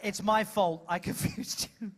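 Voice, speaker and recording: A man's voice: sits high, steady tone, a little slow. A man hosting a comic audience-participation show on a ship's stage, teasing and theatrical, speaking into a handheld mic. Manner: teasing, theatrical, self-mocking. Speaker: cruise ship entertainer.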